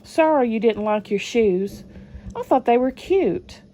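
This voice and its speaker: Slow-reading woman, mellow voice. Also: a little high, expressive. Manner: unhurried reading with chatty comments. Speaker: channel host reading family letters. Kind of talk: reading old letters aloud with asides.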